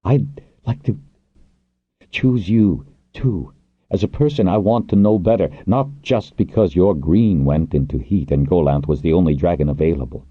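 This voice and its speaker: A man voicing a passionate young wing leader who speaks earnestly and gently, with intense warmth toward his partner. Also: low voice, normal speed, breathy edge, no echo, voice pushed up. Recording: tinny phone-like, dry.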